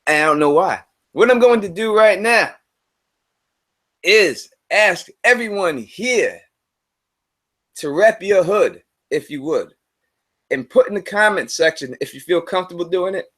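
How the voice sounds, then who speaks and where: A man hosting a casual live stream, talking loosely in slang and repeating himself, his voice swinging between loud and quiet. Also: high-pitched, very animated, a little slow, long pauses. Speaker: livestream host.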